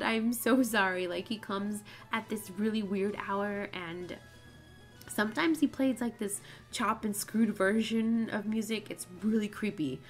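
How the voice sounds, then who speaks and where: A young woman talks her way through a video game, chatty and easily sidetracked into long tangents. Her voice sits at an ordinary mid pitch. Faint music plays underneath. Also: measured pace, fairly bright tone. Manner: chatty, rambling, goes off on tangents. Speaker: let's play host. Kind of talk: casual gameplay commentary.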